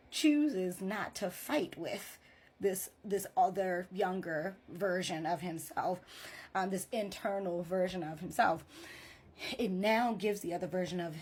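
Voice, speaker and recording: A woman's voice: fairly low pitch, darkish tone, slight background noise. A woman therapist chatting in a casual vlog, retelling a story and often checking in with "right?".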